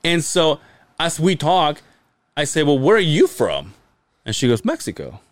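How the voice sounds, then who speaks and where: A man's voice: fairly high pitch, wildly swooping pitch, a little slow, no echo, clean studio sound. A man co-hosting a podcast, telling a long, crude story in a rambling way and laughing often. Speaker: podcast co-host. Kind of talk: casual storytelling chat.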